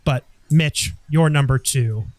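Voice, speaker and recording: A man's voice: mid-range voice, slow pace, a little mellow, no echo. A man co-hosting a podcast, telling a story with enthusiasm in casual chat. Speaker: podcast co-host.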